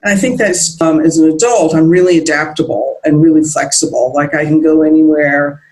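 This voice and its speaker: A woman's voice: low-pitched, fairly quick, a little mellow, poor audio. A middle-aged American woman being interviewed as a guest, talking in a reflective, meandering way with many restarts. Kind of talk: casual interview chat.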